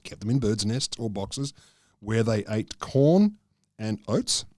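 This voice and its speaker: A middle-aged man co-hosting a casual comedic science podcast, telling a history with dry, deadpan jokes. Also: lowish voice, slow pace, no room sound. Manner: deadpan, dry jokey storytelling.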